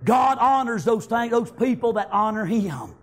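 With a sing-song delivery at normal speed, a man preaches a testimony through fervent, folksy stories. His very high, husky voice punctuates nearly each thought with "amen" and climbs into shouted praise.

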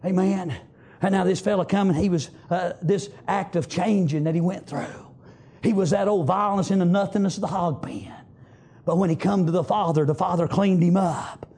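A man preaching a fervent sermon, rising to shouts and punctuating with amens. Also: high-pitched, steady tone, normal speed, slightly rough.

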